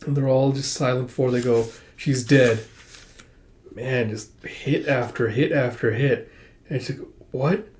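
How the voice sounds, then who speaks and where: A man with a mellow, relaxed voice at an ordinary pitch walks through a comic volume in a casual way. He keeps saying who is talking before reading each line out. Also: moderate pace, slight background noise. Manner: paraphrases and reads quoted dialogue, "he's like". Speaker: comic book reviewer.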